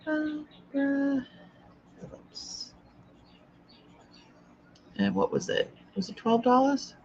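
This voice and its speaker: On a casual live stream, a woman with an old Boston accent sells jewelry, musing aloud as she handles each item. Her high voice swoops wildly in pitch at a slow pace and sounds a little mellow. The audio is lo-fi with slight background noise.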